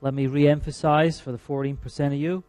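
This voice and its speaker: A man's voice: a little high, little pitch movement, darkish tone, no echo. Scottish man lecturing on physiology. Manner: emphatic, repeats key terms slowly, dry asides. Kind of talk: university lecture.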